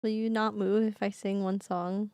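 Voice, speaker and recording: A woman's voice: mid-range voice, flat delivery, moderate pace, a little mellow, clear, resonant tone, no room sound, clean studio sound. A woman streamer chatting casually from her home recording setup, talking affectionately to her cat in baby talk and swearing now and then. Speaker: streamer and singer. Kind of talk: casual live-stream chat.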